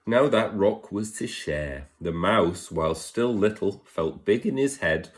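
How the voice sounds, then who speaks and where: A man reading a rhyming picture book aloud, gently asking his listeners questions. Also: lowish voice, expressive, unhurried. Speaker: storyteller.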